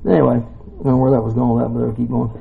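A man's voice: mid-range voice, little pitch movement, rapid-fire, gravelly, narrow, tinny audio. A man giving a casual, jokey sermon in a church, rambling into asides between scripture readings. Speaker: preacher.

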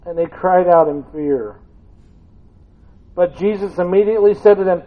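Man, high voice, casual joking sermon, thin phone-like recording. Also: fairly even intonation, normal speed, pauses often. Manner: humorous storytelling, acting out voices from the reading. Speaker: preacher. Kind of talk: conversational sermon. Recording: tinny phone-like sound.

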